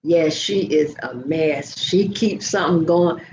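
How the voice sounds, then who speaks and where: A woman's voice: sits low, a little slow, darkish tone, echoey room, poor audio. An older woman telling stories to viewers in a chatty live video, laughing often. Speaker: vlogger. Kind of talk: casual live chat.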